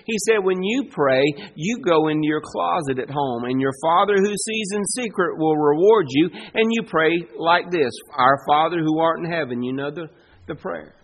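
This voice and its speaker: A man's voice: fairly high pitch, normal speed, fairly bright tone, rough recording. A man preaching a sermon as pastor, with emphatic delivery that rises and falls in force.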